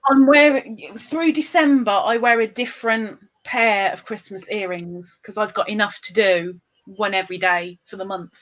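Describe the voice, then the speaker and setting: A woman's voice: mid-range voice, moderate pace, few pauses, a bit bright, lo-fi sound. A woman hosting a casual livestream chat, giggly and chatty, often laughing. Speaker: livestream host.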